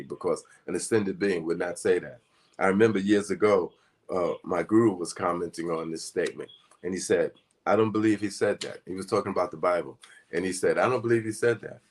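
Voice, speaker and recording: A man with a very low voice gives a casual spiritual teaching. He talks in an earnest, conversational way that wanders from point to point.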